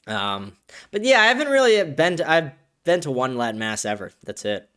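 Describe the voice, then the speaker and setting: A man hosts a podcast in loose, casual chat with a fairly high-pitched voice. He is excitable and profane and laughs often as he answers viewer comments. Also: moderate pace, smooth. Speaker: podcast host.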